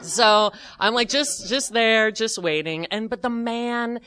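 A man telling a comic personal anecdote, animated and self-mocking, with lots of "like" fillers. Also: high voice, slow pace. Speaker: storyteller.

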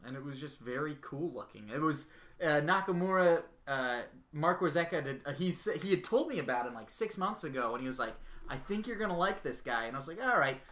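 A woman's voice: low voice, animated, a bit bright, echoey room. A woman co-hosting a podcast in a casual, rambling, chatty way. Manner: chatty, rambling, quick to laugh. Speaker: podcast co-host. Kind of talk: casual chat.

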